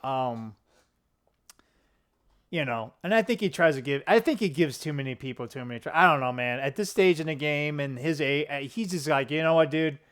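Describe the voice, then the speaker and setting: A middle-aged man rambling to camera in a casual political vlog, swearing, laughing often and wandering off on tangents. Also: normal speed. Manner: profane, laughing, tangent-prone, animated swings in pitch. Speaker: political vlogger. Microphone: camera close up at a desk.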